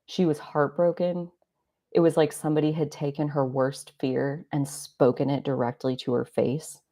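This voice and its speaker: Here the same astrology streamer in her thirties sounds mellow, her low voice barely shifting in pitch at a moderate pace. Through her live stream mic she drifts into confessional tales from her own life, leaning heavily on "like" as she rambles.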